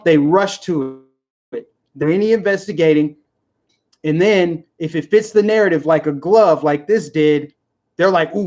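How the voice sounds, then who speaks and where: An angry man on a livestream, his voice sitting a little higher than most men's. He rants in heated bursts and circles back to the same points. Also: a little mellow. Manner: heated, indignant, repetitive. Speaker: livestream vlogger. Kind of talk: angry political livestream rant.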